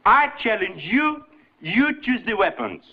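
Pompous french dancer w/ a french accent, high lively voice, dull old tv sound. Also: male voice, measured pace. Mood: haughty. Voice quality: pompous, theatrical. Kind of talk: sitcom acting.

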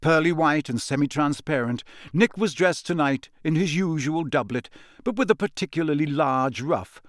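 A man narrating a fantasy audiobook in a measured, expressive storytelling manner. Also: fairly high pitch, no room sound, clean studio sound. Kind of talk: scripted narration.

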